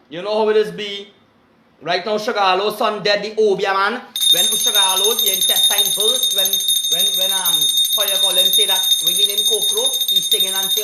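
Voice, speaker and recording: A Trinidadian man hosting a rambling live stream, with loud, excited greetings and shout-outs. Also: high voice, moderate pace, heavy background noise. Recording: echoey room.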